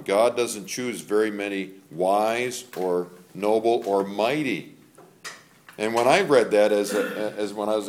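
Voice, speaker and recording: An older man giving faith-based parenting advice in a rambling, casual way, laughing as he tells family stories. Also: on the low side.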